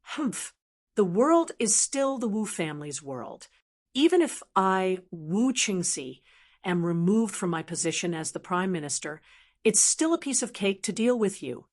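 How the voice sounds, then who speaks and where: A cold, scheming prime minister sneers through gritted teeth, read by a woman narrator. The voice sits at a middle pitch and stays low and menacing, an audiobook villain plotting revenge. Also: sing-song, measured pace. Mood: sneering.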